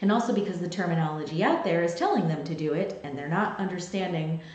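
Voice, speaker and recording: A woman vocal coach explaining singing technique in a clear, teaching manner, with sung demonstrations. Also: on the low side, lively intonation, fast talker, darkish tone. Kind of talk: singing lesson to camera. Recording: very echoey room.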